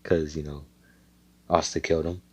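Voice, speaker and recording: A man's voice: rumbling low, little pitch movement, moderate pace, a little mellow, breathy edge. A man casually retelling an imagined anime storyline, rambling with slang and lots of swearing. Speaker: fan storyteller.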